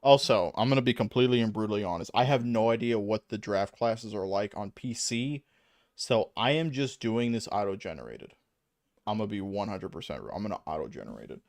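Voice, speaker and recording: Young man, game streamer, low voice, animated up-and-down delivery, dry close sound, rambling and self-mocking. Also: a little fast, dry recording. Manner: rambling, self-mocking, swears often, frequent laughs. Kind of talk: casual gaming stream commentary.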